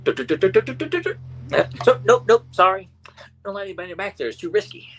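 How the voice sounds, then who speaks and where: A man putting on a flustered little guard voice, pitched high. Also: fast talker, fairly bright tone, a little hiss or hum. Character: timid, easily smitten small male guard.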